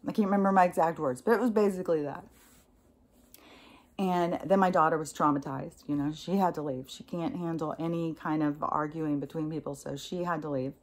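A woman's voice: low voice, steady tone, fairly quick. Blunt, profane woman telling a story. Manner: blunt and profane, with frequent laughs and fillers. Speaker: host. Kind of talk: casual storytelling monologue.

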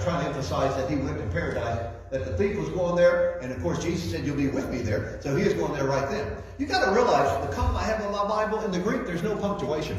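Male preacher in an echoey church hall. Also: fairly high pitch. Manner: folksy, repeats words while building a point. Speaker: guest preacher. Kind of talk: sermon. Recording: echoey hall, distant mic, faint noise.

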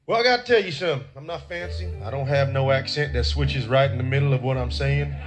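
A man's voice: mid-range voice, fast, music in the background, lightly acted. A man playing a goofy, rambling good old boy dealer on a game show, with a put-on twang. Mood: folksy. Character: simple country good old boy who wrestles things.

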